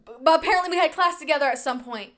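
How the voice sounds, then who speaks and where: A woman's voice: high-pitched, racing, a bit bright. A woman in her twenties hosting a podcast, telling stories from her own life in a chatty, self-mocking way with a sarcastic edge. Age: 20s. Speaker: podcast host. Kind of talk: casual chat.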